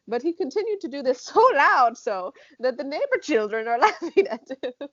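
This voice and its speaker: A woman's voice: sits high, very animated, moderate pace, no echo, highs cut off. A woman guest on a podcast, joking and laughing as she tells a story about her husband. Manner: playful and giggly while telling a story. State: heavily pregnant. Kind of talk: casual chat.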